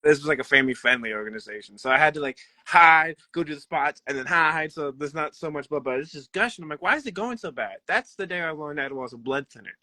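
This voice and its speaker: Young man, bright voice, dry close mic, rambling and animated, laughs through his stories. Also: a little high, fast, hardly any pauses, dry recording. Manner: rambling, animated, laughs often, acts out quotes. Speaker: pro wrestler guest. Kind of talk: casual interview storytelling.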